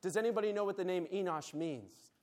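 This speaker talks fast in a high-pitched voice with a darkish tone. He gives a Bible lesson at a conference meeting, guiding the audience through a call-and-response group exercise.

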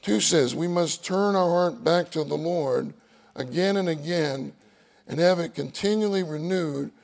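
A man's voice: on the high side, a little slow, vocal fry, darkish tone. A man preaching a sermon, reading outline points aloud and repeating key phrases for emphasis.

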